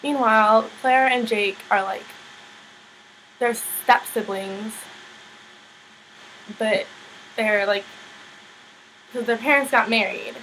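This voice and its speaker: A woman's voice: fairly high pitch, a bit bright, a little hiss or hum, poor audio. A woman casually recapping a TV episode, rambling with lots of fillers and blunt opinionated asides. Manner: rambling, filler-heavy, chatty.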